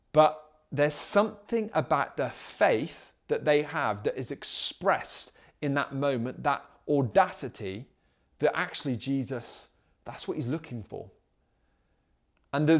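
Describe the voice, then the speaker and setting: A man preaching a sermon as pastor, emphatic and full of rhetorical questions. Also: mid-range voice.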